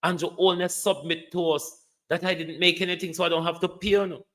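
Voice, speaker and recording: A Jamaican man rants about politics in a bright, sharp voice pitched a little high. He scolds and mocks his listeners, switching freely into patois. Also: flat delivery, fairly quick. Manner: scolding, mocking, drops into patois. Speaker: political commentator. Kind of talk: livestream political rant.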